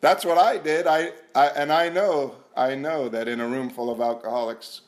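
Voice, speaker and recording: A man's voice: medium pitch, fairly even intonation, moderate pace. Earnest man sharing at a recovery meeting. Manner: earnest, repetitive, self-mocking, drops to a hushed voice for prayer. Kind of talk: personal testimony talk. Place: meeting room.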